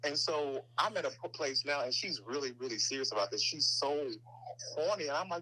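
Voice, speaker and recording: A man's voice: on the high side, fairly quick, poor audio. Chatty Southern man calling in. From Nashville, Tennessee. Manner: chatty, animated storyteller. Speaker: caller. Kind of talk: phone-in question to a podcast.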